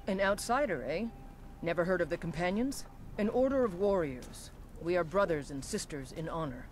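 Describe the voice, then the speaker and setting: A woman's voice: fairly low pitch, slight background noise. A woman voicing a proud, blunt woman warrior from an order of mercenaries, brusque and challenging with outsiders.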